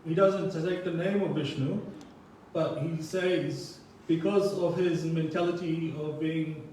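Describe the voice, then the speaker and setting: A man's voice: fairly high pitch, steady tone, measured pace, darkish tone, slight background noise. A man giving a sermon at a temple, reading scripture aloud and then explaining it. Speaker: temple speaker. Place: temple hall. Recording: echoey temple hall, from far off.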